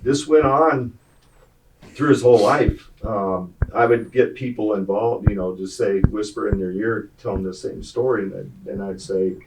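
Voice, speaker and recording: A man's voice: fairly low pitch, moderate pace, a little mellow. A man telling a long, profane, rambling story in a casual podcast chat, chuckling as he goes. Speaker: racing guest telling a story. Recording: distant mic with clear background noise.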